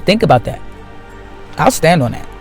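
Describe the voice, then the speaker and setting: A man giving a slow, emphatic spiritual monologue to his viewers, repeating key phrases for weight. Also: a little high, very animated, soft background music. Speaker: spiritual video host.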